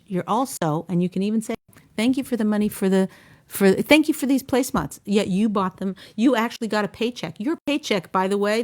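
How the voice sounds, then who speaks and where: A woman hosting a talk show, giving casual marriage advice in an animated way, often restarting her sentences. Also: mid-range voice. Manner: animated, acts out wives' voices, frequent restarts. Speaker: relationship coach and show host.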